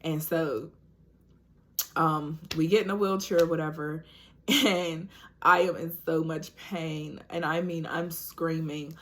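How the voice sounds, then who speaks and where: A young woman, telling a personal story in a casual vlog, animated and laughing often. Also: deep voice, slow pace, a little hiss or hum. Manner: animated, acts out quoted voices, laughs often. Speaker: vlogger.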